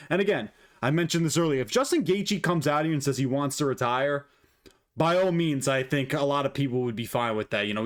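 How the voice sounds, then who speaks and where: A man hosting his own channel, giving blunt, profane, opinionated fight commentary. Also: medium pitch. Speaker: MMA commentator, channel host. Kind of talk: casual ranting commentary.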